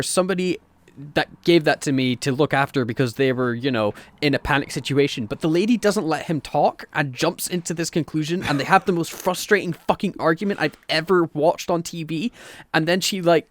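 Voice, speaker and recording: A man's voice: a little high, a little fast, dry recording. A man co-hosting a podcast, chatting casually as he recaps a TV plot, swearing often and acting out the characters' lines. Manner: animated, sweary, acts out quotes. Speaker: podcast co-host. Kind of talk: casual chat recapping a TV show.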